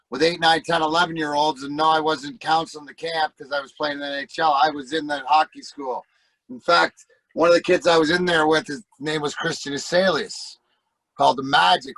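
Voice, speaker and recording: A middle-aged man tells rowdy, profane stories as a podcast guest, acting out other people's voices as he goes. His voice sits a little high, and the close podcast mic gives a dry sound with no room around it. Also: bright, forceful tone, no echo, poor audio. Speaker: guest, former hockey player. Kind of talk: casual storytelling.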